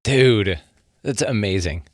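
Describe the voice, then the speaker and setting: A man's voice: lowish voice, animated, slow, dry recording, studio quality. A man hosting a podcast, talking in a casual, eager and slangy way to his guest. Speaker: podcast host. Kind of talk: casual interview chat.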